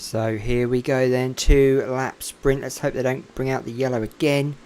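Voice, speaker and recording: A man giving casual live commentary on a simulated car race, chatting to viewers and getting excitable. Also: moderate pace, clear, resonant tone. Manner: chatty, talks to viewers in chat, gets excited and pitch jumps up. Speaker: sim racing commentator.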